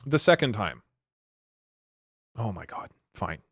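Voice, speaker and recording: A man's voice: lowish voice, big pitch swings, takes it slowly, breathy edge, no room sound. A man live-streaming, chatting casually with his viewers in a sarcastic, exasperated way. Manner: sarcastic, exasperated banter with chat.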